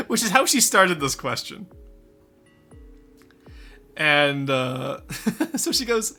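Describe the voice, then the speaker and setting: A man's voice: high-pitched, slow pace, pauses often, soft background music. A young man chatting with his stream viewers, laughing often. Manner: animated, laughs often, talks to chat. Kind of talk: casual live-stream chat.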